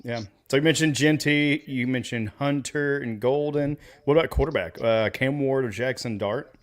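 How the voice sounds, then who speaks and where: A man's voice: mid-range voice, normal speed. A man from Oklahoma hosting a podcast, chatting casually about football with loose, profane jokes while having a drink. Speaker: podcast host. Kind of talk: casual sports podcast chat.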